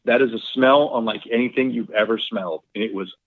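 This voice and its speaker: A man on a podcast, a golf professional, telling long stories in a rambling, animated way full of fillers. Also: medium pitch, fairly quick, breathy edge. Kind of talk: casual storytelling interview. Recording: phone-line quality.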